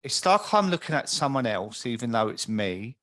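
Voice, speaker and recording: A man hosts a podcast in a chatty, empathetic tone. His voice sits at an ordinary middle pitch for a man, and his speech is casual and conversational. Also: big pitch swings, moderate pace, fairly bright tone. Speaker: podcast host. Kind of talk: conversational interview.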